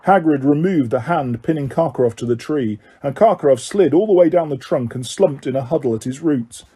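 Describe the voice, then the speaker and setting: Husky man reading a storybook. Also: on the high side, a little fast. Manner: even, steady storytelling. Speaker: audiobook narrator. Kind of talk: scripted narration.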